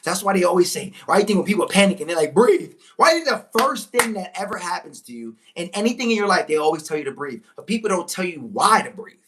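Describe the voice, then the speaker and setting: A woman giving a motivational talk to viewers, preachy and emphatic, repeating key lines, slowing on big points and breaking into excited exclamations. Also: on the low side. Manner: slows right down on key phrases. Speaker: motivational speaker. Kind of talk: live-stream motivational talk.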